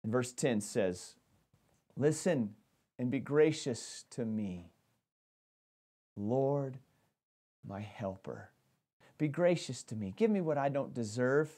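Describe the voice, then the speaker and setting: Animated male pastor preaching. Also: mid-range voice, takes it slowly, long pauses. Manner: animated preaching with repeated restarts. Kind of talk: sermon.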